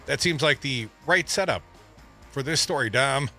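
Wry, lively talk radio man. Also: mid-range voice, normal speed, faint music behind. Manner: wry, laughs while reading. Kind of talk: sarcastic news commentary. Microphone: studio microphone.

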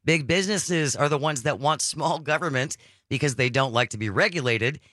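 A woman's voice: low-pitched, normal speed, fairly bright tone, no room sound. A woman hosting a call-in radio show, reading listener texts aloud and taking callers. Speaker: radio talk show host. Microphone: studio microphone.

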